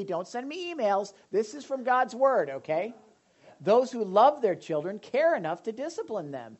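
A middle-aged male pastor preaching to a congregation, animated, acting out little scenes with sudden loud outbursts. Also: high voice, moderate pace, lo-fi sound. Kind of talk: sermon talk with audience sharing.

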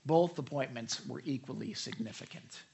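Over very noisy audio, a pastor with a creaky voice narrates a story in his sermon at a moderate pace. His delivery is lively and conversational, with frequent asides to the audience and quotes performed in a raised pitch.

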